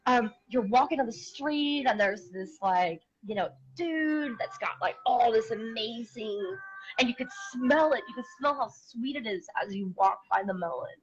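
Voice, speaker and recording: A woman's voice: on the high side, lively intonation, moderate pace, slight background noise. A woman guest in a casual interview who talks bluntly and repeats words as she searches for them. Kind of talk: casual live-stream interview. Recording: dull lo-fi sound.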